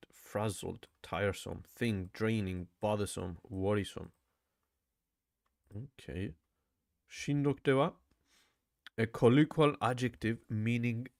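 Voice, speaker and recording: A man's voice: on the low side, vocal fry, a little mellow. Chatty man repeating words aloud. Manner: thinks aloud, repeats words, says "bro" often. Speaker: language learner vlogger. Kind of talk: casual study vlog.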